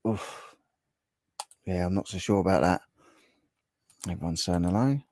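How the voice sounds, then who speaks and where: A man's voice: sits low, unhurried, a little mellow, dry recording. Chatty man hosting a home livestream. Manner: chatty, laughs often, reads viewer comments aloud. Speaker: livestream host. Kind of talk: casual livestream chat reading comments.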